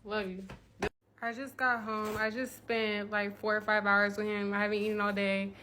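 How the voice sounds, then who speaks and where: A woman's voice: mid-range voice, little pitch movement, moderate pace. A young woman vlogging on her phone outdoors on city streets, chatty and emotional, talking straight to her viewers. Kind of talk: casual phone vlog. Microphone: phone camera at arm's length. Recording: loud street noise behind.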